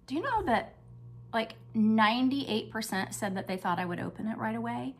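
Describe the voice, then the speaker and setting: An older woman hosting a crafting vlog, chatting enthusiastically as she shows off her projects and sometimes dropping to a hush. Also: fairly high pitch, animated, brisk. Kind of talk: casual show-and-tell chat.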